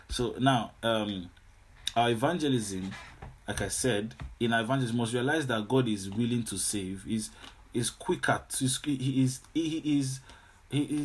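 A man with a lowish voice preaches a teaching sermon over slight background noise. He repeats himself often and breaks in exclamatorily with hallelujahs and amens.

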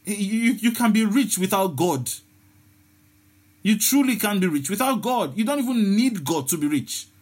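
A man's voice: sits high, animated, moderate pace, slightly rough. A man preaching a sermon, often repeating words and restarting his sentences.

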